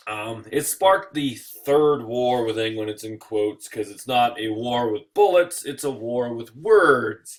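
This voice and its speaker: A tired man teaching history in a recorded slideshow lecture, joking and acting out quick little voices. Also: medium pitch.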